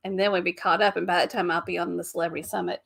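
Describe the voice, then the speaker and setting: A woman's voice: on the low side, little pitch movement, racing, vocal fry, a bit bright. A woman co-hosting a live stream, chatting casually and laughing often over a video call.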